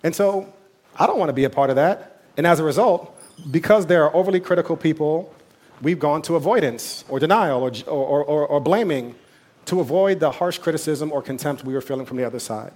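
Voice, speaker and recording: A man preaching a sermon as pastor, talking in a conversational way with asides and quick quoted voices. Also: on the high side, a little mellow.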